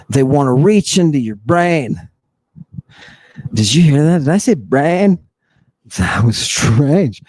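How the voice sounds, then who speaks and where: A man with a slightly high voice holds forth in a heated lecture-style monologue. He jabs at listeners with rhetorical questions and sardonic asides. The sound is dry and close, with no room echo. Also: a little mellow. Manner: mocks opponents with exaggerated put-on voices. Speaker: podcast host.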